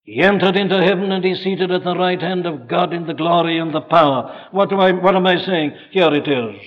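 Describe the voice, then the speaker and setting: A man preaching a sermon, swinging from loud, urgent exhortation to hushed, drawn-out scripture quotations. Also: high voice. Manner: old-fashioned scripture quotations. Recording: dull old hall recording with long reverb.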